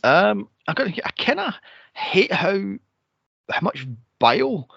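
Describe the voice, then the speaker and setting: A man co-hosting a podcast, chatting casually about a movie, laughing and acting out scenes in high, silly voices. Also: slow pace, creaky, husky, highs cut off. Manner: laughing, animated retelling with squeaky impressions. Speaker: podcast co-host. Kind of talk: casual movie-review chat.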